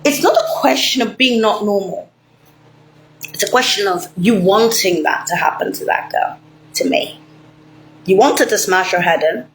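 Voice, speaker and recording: A woman's voice: medium pitch, animated, moderate pace, slight background noise. A woman delivering a rambling, angry, profane monologue straight to the listener. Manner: ranting, swearing, rambling. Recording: roomy echo, faint ambience.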